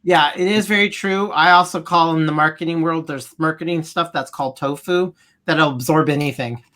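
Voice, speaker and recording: A man's voice: fairly high pitch, moderate pace, sharp tone. A man co-hosting a casual livestream chat, emphatic and dramatic about foods he dislikes. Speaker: co-host.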